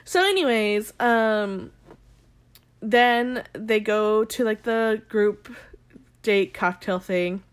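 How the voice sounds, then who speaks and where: A woman's voice: medium pitch, very slow. A young adult woman recapping a show for her viewers in a rambling, candid way, full of "like" and swearing. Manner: rambling, heavy "like" filler, frequent swearing; addresses viewers directly, candid and opinionated. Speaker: vlogger recapping a TV episode. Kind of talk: casual chatty recap to viewers.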